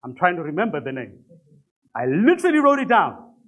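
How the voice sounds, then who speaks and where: A pastor preaching a sermon to a church congregation, emphatic, with rhetorical questions and conversational, self-deprecating asides. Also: male voice, high voice, wildly swooping pitch, a little fast, fairly bright tone.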